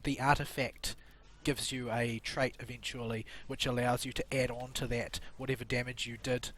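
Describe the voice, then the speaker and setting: A man's voice: medium pitch, level tone, moderate pace, fairly bright tone, slight background noise. A man in a casual gaming voice chat, grumbling with dry sarcasm into a headset mic. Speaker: gamer on voice chat.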